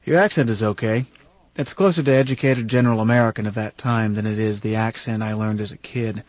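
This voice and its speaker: A gruff, irritable ancient man with a raspy, salty, grumbling delivery, as an audiobook reader puts him on. He is pitched a little higher and louder than the reader's own voice. The recording is dull and dry. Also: steady tone, brisk, dry recording, lightly acted. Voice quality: rasp. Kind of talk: audiobook character reading.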